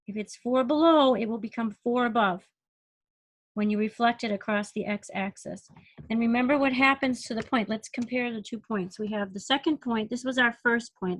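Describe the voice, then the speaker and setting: A woman's voice: on the high side, no room sound. A woman teaching a recorded math lesson, patiently counting units aloud and asking questions as she works. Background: dog barking.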